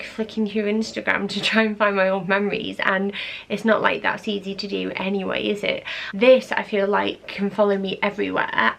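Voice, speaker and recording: A young woman chatting casually to camera as a vlogger. Her mid-pitched voice has a gravelly, fry-tinged edge. She talks in a chatty, nostalgic way, with plenty of "like" and "oh my gosh". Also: a bit bright.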